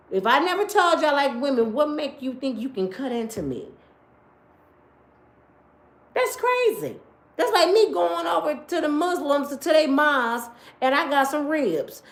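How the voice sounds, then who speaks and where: A woman hosting a live stream from her home, talking bluntly and profanely and acting out stories. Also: a little high. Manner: blunt, profane, animated storytelling. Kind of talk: casual live-stream chat. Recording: echoey room.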